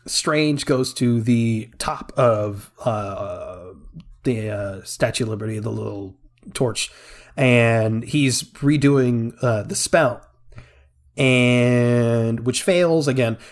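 A man is co-hosting a casual movie review podcast, with a middle-pitched voice. He walks through scenes in an excited rush, laughing often and restarting his sentences as he goes. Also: slow. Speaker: podcast co-host.

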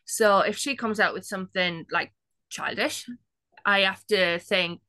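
A woman's voice: medium pitch, unhurried, sharp tone, no room sound. Chatty woman, dry close sound. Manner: chatty, with laughs and quoted asides. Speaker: interview guest. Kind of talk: casual personal storytelling.

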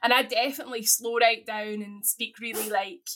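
A Scottish woman co-hosting a podcast in loose, chatty talk. Her voice sits high and sounds bright and forward. She giggles easily between her lines. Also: fairly even intonation, moderate pace. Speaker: podcast co-host. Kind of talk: casual chat. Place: living in the United Kingdom.

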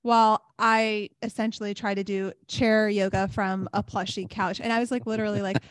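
A young woman on a yoga podcast, an animated storyteller who laughs often and fills her talk with "like". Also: mid-range voice, brisk, clear, resonant tone, no echo, studio quality. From South Florida. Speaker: podcast co-host, yoga teacher. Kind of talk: casual chat, storytelling.

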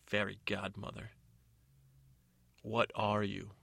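A man's voice: on the low side, monotone, slow, gravelly, sharp tone, no room sound, heavily acted. A man voicing a blunt, suspicious stepmother who questions curtly. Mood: demanding. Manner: curt, demanding.

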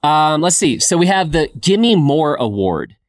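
A man co-hosting a podcast, leading a relaxed film chat and thinking aloud with fillers. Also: fairly high pitch, a little slow. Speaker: podcast co-host. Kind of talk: casual film discussion.

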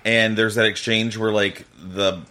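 A man's voice: lowish voice, level tone, measured pace, pushed and bright. A man in casual podcast chat about a TV episode, making wry jokes. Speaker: podcast co-host.

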